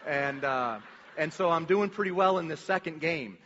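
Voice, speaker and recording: A man telling a personal story to a congregation, rambling and animated, with many restarts and fillers, acting out the lines he quotes. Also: fairly high pitch, moderate pace. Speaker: church speaker sharing a testimony. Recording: dull recording with long hall reverb.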